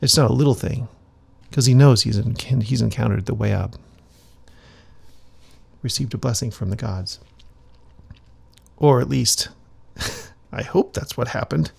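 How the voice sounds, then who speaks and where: A man reading his own comic aloud, narrating and adding relaxed, musing asides. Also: mid-range voice, measured pace, gravelly, pauses often, breathy edge. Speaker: comic author and reader.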